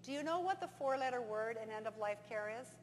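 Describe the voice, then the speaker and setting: A woman giving a conference talk, telling stories and acting out dialogue in an animated way. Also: on the high side, fast. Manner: animated storyteller, acts out dialogue. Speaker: conference presenter. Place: conference hall. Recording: reverberant hall with faint hum.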